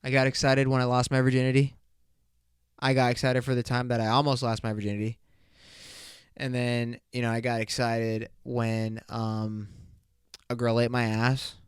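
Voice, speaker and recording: Young male solo podcaster, crude loose banter, smooth voice, dry recording. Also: medium pitch, no room sound. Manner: loose, crude, rambling banter with bursts of excitement. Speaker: podcast host. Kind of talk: casual solo podcast rant.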